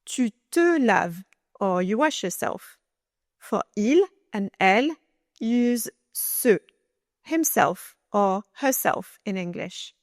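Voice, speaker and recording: A woman teaching a language lesson in an upbeat, coaching tone, speaking slowly and clearly. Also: medium pitch, expressive, no room sound, clean studio sound. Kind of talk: scripted lesson narration.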